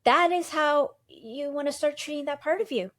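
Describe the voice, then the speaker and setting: A woman with a fairly high voice in a podcast chat. She explains things gently with simple analogies and keeps affirming the other speaker. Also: moderate pace. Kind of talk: casual podcast conversation.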